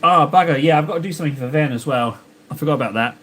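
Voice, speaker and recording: A man with a slightly high voice talks casually through a live stream as he paints miniatures. He rambles, jokes and mutters to himself as he works. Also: rapid-fire, a bit bright, a little hiss or hum. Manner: rambling, jokey self-talk while painting. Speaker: livestream host painting miniatures.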